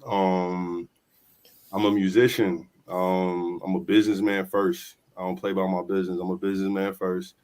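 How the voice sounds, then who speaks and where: A man speaking as a hip-hop artist guest on an interview show. He is laid-back and repeats himself often. His voice sits very low. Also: level tone, moderate pace, darkish tone. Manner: laid-back, repeats himself, says "you know what I'm saying".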